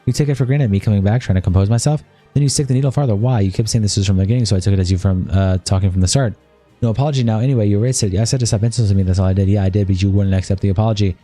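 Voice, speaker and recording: Man, streamer, reads chat logs aloud at breakneck speed, deep mellow voice, faint music behind. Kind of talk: reading chat messages aloud on a livestream.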